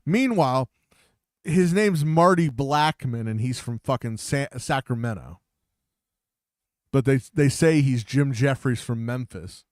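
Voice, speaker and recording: A man's voice: medium pitch, expressive, unhurried, dry recording, clean studio sound. A man co-hosting a casual podcast with profane, mocking banter. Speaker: podcast co-host. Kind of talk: casual chat.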